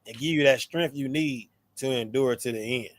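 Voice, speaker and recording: Animated slangy man with a dry close sound. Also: medium pitch, moderate pace, no echo. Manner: animated, slangy, playful tones when quoting. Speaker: co-host of a scripture show. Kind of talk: casual religious discussion.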